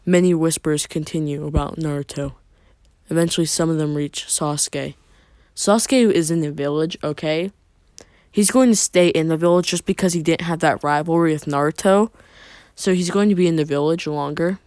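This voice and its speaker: A man's voice: on the high side, normal speed, a little mellow, clear, resonant tone, dry recording, studio quality. A man narrating a fan story in a plain, loosely improvised way with filler asides.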